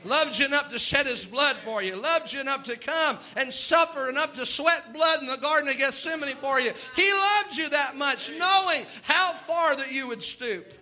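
A man's voice: very high-pitched, normal speed, hardly any pauses, bright, forceful tone. A male preacher, delivering a folksy sermon and voicing God and sinners in quoted asides.

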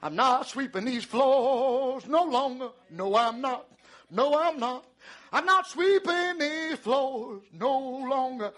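A male preacher doing a defiant young woman, done with her chores and repeating herself stubbornly. The voice lifts higher and the delivery slows to a deliberate drawl. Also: lively intonation, fairly bright tone, full character voice.

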